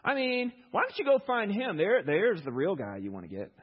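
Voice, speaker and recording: A man preacher voicing a whiny, defensive grown man who was lame for decades and now blames his healer, pitched up high and loud. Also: wildly swooping pitch, fairly quick, husky, heavily acted. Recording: echoey hall, dull lo-fi sound.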